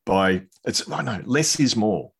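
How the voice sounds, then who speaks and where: Male co-host, husky and low, dry and teasing. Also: expressive, a little slow. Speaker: podcast co-host. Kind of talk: casual chat.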